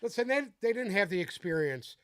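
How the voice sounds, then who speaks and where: A man with a notably high voice co-hosts a casual sports podcast. He rants emphatically and swears freely, sounding exasperated. The recording is close and dry. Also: big pitch swings, fairly quick, fairly bright tone, clear, resonant tone, no room sound. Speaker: podcast co-host.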